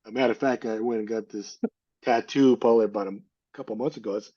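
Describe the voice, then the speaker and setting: Speaking fast in a fairly low, steady, mellow voice, this middle-aged interview guest recounts something personal with earnest candor. He keeps stopping, starting over and repeating words, all captured on slightly dull lo-fi audio.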